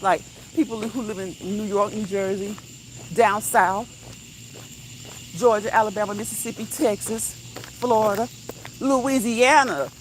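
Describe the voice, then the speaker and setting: A woman's voice: medium pitch, slight background noise, low-quality recording. A woman hosting a live walk-and-talk stream outdoors, chatting casually, laughing often and reading viewer comments aloud. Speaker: livestream host. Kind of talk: casual live chat while walking.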